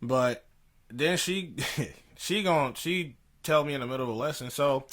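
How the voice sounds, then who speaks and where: A man's voice: medium pitch, moderate pace, long pauses, a bit bright. A young man co-hosting a podcast, telling a story in casual slangy chat and laughing as he goes. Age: young adult. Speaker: podcast co-host. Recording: poor audio.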